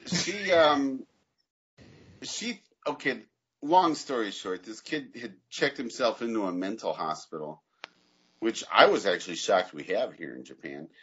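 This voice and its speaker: Dry-humored husky podcast co-host man. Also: on the low side, lively intonation, unhurried, muffled recording. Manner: dry, dark, matter-of-fact storytelling. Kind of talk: casual chat.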